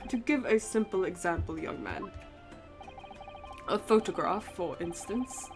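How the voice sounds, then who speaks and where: A woman voicing a stern, condescending older male prosecutor in a low, slow voice. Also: expressive, music in the background. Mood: cold.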